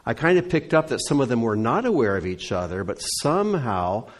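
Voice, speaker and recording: A man leads a congregation gathering, relaxed and chatty. His voice sits at an ordinary middle pitch, and he drifts easily from one story to the next as he answers the room. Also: fairly quick. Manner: folksy storyteller. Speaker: congregation leader. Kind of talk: conversational report and Q&A.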